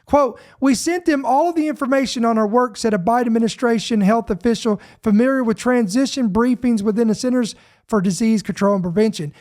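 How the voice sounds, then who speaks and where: A man's voice: very high voice, darkish tone. Emphatic man reading headlines. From Georgia, US. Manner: emphatic, slows down to stress key words; repeats himself, self-interrupting. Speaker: podcast host. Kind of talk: podcast commentary reading news headlines.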